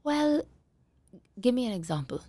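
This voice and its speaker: A woman parenting coach being interviewed on a podcast, talking in a calm coaching tone and sometimes acting out what parents say. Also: a little high, measured pace, no echo. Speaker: conscious parenting coach, guest.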